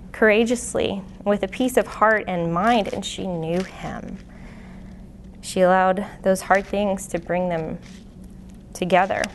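A woman's voice: medium pitch, slight background noise. A woman in her late twenties giving an earnest, conversational testimony to a live church audience, with many fillers and restarts. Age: late 20s. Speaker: lay speaker giving a testimony teaching. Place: live venue before an audience. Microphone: handheld or stand microphone.

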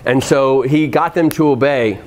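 A middle-aged man preaching an earnest sermon on parenting, with animated shifts in pace. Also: mid-range voice, moderate pace.

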